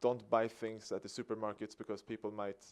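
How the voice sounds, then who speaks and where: In this public talk, a Swedish activist recounts a story with a somewhat low voice at a slightly brisk pace. He's an animated storyteller who plays out the dialogue and chuckles.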